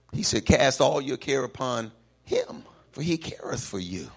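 A man preaching a call-and-response sermon, climbing into shouts at the peaks and then dropping low and quiet, in a church sanctuary. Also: big pitch swings, unhurried, vocal fry, husky. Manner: whoops and shouts at climaxes, then drops low.

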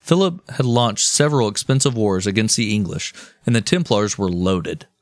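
A man's voice: on the low side, lively intonation, normal speed, no room sound, studio quality. A man hosting a casual podcast, telling history in a profane, jokey way. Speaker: podcast host.

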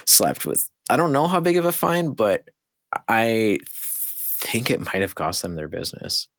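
A man from Wisconsin, a guest in a casual chat, easygoing and quick to laugh. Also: on the low side, big pitch swings, no echo.

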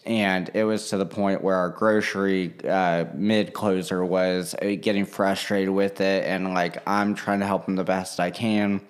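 A young man chatting casually, telling a work story in an animated, profane way and acting out what people said. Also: sits low, a little slow, hardly any pauses. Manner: animated, swears freely, slips into quoting people.

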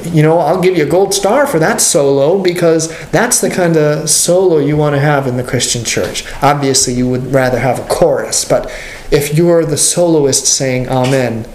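A man, a pastor, teaching a class in an animated way and asking the class questions. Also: fairly high pitch, normal speed, roomy sound, a little hiss or hum. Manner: animated, plays out dialogues, asks the class questions.

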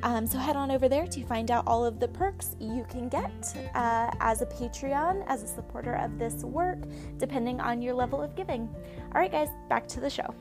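A woman hosting a podcast, talking in a relaxed way with many fillers as she reads an appeal and asks a question. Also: a little high, normal speed, music in the background. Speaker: podcast host.

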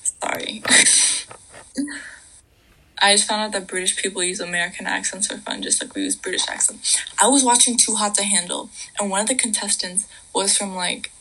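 A young woman chatting casually on a late-night livestream, her voice husky with a gravelly edge and a bright, forceful tone. She talks in a loose, giggly way and slips into hushed whispers now and then. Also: mid-range voice, expressive, moderate pace, low-quality recording. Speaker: livestream co-host.

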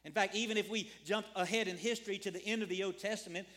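A man's voice: high-pitched, steady tone, quick pace, a bit bright. A man preaching a sermon as a pastor, earnest, repeating phrases and asking his congregation questions.

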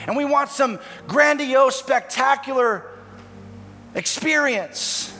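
High-voiced impassioned male preacher. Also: expressive, a little slow. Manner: impassioned, swings from hushed to loud. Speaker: pastor. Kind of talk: sermon. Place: church. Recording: reverberant hall with soft music.

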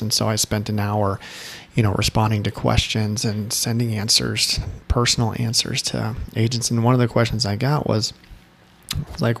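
A man's voice: on the low side, fairly even intonation, moderate pace, creaky, breathy edge. A man giving casual advice to insurance agents, talking loosely, restarting sentences and acting out sample texts and calls. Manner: conversational, restarts sentences, acts out sample lines. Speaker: insurance sales coach.

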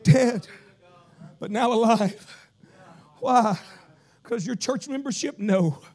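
A man from Kentucky with a Southern accent, preaching a revival sermon, swinging from shouted sing-song preaching to low storytelling. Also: slow.

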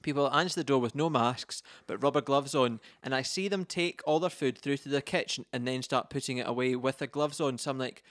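A man's voice: mid-range voice, fairly even intonation, a little fast, hardly any pauses, a bit bright, no echo, clean studio sound. A man hosting a casual podcast chat, rambling and often breaking off mid-sentence. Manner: rambling, self-interrupting. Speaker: podcast host.

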